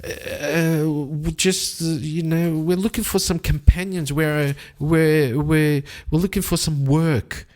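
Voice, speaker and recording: A man's voice: fairly high pitch, steady tone, slow pace, hardly any pauses, a little mellow, voice pushed up. A man voicing a nervous young woman adventurer who stammers when flustered.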